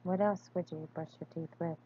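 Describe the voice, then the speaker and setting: A woman's voice: fairly low pitch, steady tone, brisk, mellow, highs cut off. A woman chatting casually through an accent tag video, hesitant and full of fillers and restarts. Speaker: crafting vlogger.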